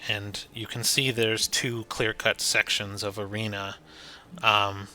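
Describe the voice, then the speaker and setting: A man's voice: on the low side, level tone, bright, forceful tone. A man acting as game master of a tabletop game stream, talking casually and laughing between rulings. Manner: casual, laughing, quick asides.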